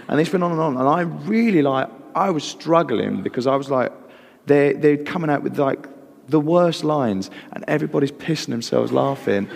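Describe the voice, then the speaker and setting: A British man, an actor guest, telling lively stories on stage at a live event and acting out other people's voices. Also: on the high side, moderate pace, creaky. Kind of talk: anecdotal storytelling on stage. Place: live event hall with audience. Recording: long hall reverb.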